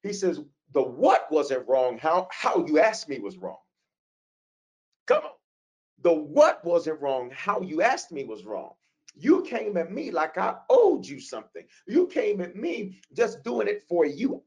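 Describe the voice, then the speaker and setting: Animated preaching man, lively pitch. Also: a little slow. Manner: preaching with emphatic repetition and sudden high outbursts; casual asides to the class. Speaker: prayer class teacher. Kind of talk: sermon-style teaching.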